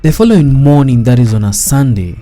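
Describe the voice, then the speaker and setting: A man's voice: medium pitch, expressive, fairly quick, warm tone, faint music behind. A man reading a scripted commentary voice-over in a wry, dramatic storytelling manner. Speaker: narrator.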